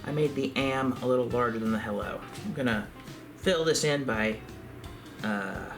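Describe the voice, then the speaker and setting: A man giving a calm, step-by-step craft tutorial for a library. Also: medium pitch, moderate pace, vocal fry, music in the background.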